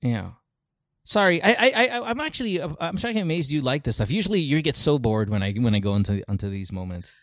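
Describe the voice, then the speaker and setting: A man's voice: on the high side, fast, dry recording, studio quality. Chatty man reading anthem lyrics aloud. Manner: animated, swears, laughs while reading. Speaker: podcast co-host. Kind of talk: casual chat, reading excerpts aloud.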